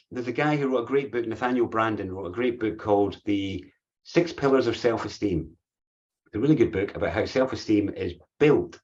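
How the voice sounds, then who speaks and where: A man's voice: lowish voice, darkish tone, highs cut off. Earnest man giving a spiritual talk. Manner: earnest, repeats phrases while thinking.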